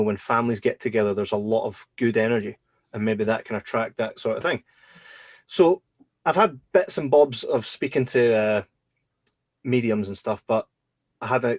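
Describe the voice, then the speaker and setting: A man hosting a podcast, telling personal stories in a casual, animated way and acting out his own reactions. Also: medium pitch, no room sound. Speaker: podcast host. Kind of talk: casual storytelling chat.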